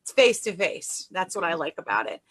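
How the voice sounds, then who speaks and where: Female radio guest, bright voice, friendly and easygoing. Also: on the low side, sing-song, brisk. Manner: friendly, laughs easily. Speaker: guest, documentary maker. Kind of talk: casual radio interview.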